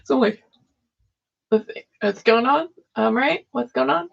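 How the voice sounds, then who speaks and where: Speaking at a measured pace, a woman with a slightly high, gravelly voice and a breathy edge runs a live tarot stream. She chats casually and laughs a lot as she reads cards, and the audio is dull and lo-fi.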